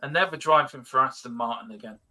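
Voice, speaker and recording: An excitable man hosting a live football watchalong, commentating and bantering and laughing often. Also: medium pitch, fast. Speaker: watchalong host.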